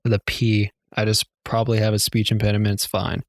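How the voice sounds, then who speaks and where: A young man co-hosting a podcast in casual chat, rambling and swearing, mocking himself and breaking into shrill impressions. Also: completely flat delivery, fast, dry recording, studio quality. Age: young adult. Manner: rambling, profane, self-mocking. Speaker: podcast co-host.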